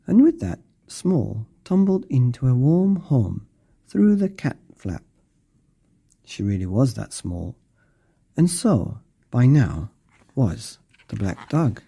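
Gravelly, slow bedtime storyteller man. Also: mid-range voice, big pitch swings, mellow, faint music behind. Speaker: storybook reader.

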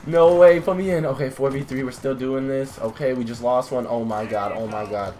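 A man's voice: medium pitch, steady tone, fairly quick, a little mellow, slight background noise. A young man giving live commentary over his own gameplay, talking to viewers, swearing, and getting hyped at his teammates. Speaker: gaming YouTuber.

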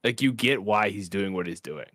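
A man's voice: fairly low pitch, animated, moderate pace, a bit bright, no echo. A man on a film podcast, chatting casually and enthusiastically, swearing and trailing off as he tries to remember things. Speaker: podcast panelist.

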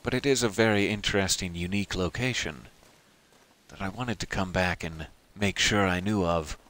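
Guy with a lowish voice doing laid-back game commentary, wanders off on tangents, jokes at himself. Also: moderate pace, a bit bright. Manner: rambling, self-deprecating asides. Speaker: gameplay commentator. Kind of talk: casual let's-play commentary.

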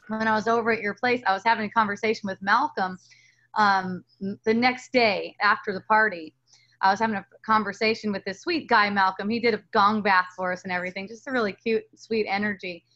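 A woman's voice: mid-range voice, fairly even intonation, brisk, a bit bright, muffled recording. A woman talking as a spiritual teacher in a casual dialogue, earnest and rambling, with many restarts and fillers.

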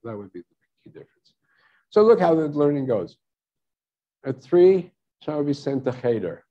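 A rabbi giving a teaching talk to a congregation, lecturing in an explaining tone and often checking in with "right?". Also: male voice, mid-range voice, creaky, dark tone, slightly rough, highs cut off. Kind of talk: teaching talk at a synagogue service.

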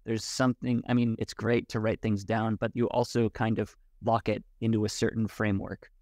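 A man as a podcast guest, talking in a thoughtful, halting way with many restarts. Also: on the low side, little pitch movement, a little mellow, no echo, studio quality. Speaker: podcast guest, Wudang martial arts teacher. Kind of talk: casual conversation.

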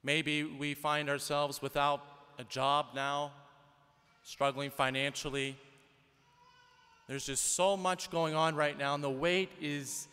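Priest guy giving a homily, chatty storytelling, bright clear voice, long echo like a big church. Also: a little high, little pitch movement, takes it slowly. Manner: conversational, storytelling with rhetorical questions. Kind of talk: sermon.

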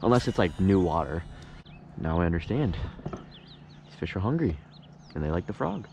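Low-voiced young man narrating from a kayak. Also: moderate pace. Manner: excitable, swings from quiet musing to loud frustrated outbursts. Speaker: fishing vlogger. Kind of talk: casual running commentary. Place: on a kayak on a lake, outdoors. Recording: outdoor camera audio with steady background noise.

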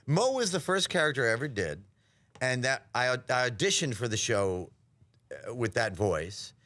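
A man from New York, a voice actor guest telling animated stories in a casual interview, slipping into impressions. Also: medium pitch, normal speed. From New York, USA. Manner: animated storyteller, slips into impressions.

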